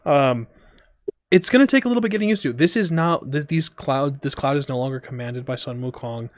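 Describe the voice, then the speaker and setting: A man narrating as game master, relaxed and full of ums and restarts. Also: medium pitch, brisk, no echo. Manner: loose, filler-heavy narration with frequent ums.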